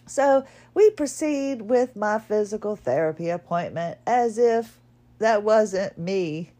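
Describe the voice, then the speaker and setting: A woman's voice: medium pitch, darkish tone. A woman hosting a podcast, telling a personal story in a chatty, self-deprecating way and laughing at herself. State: wearing a neck collar, recovering from illness. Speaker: podcast host.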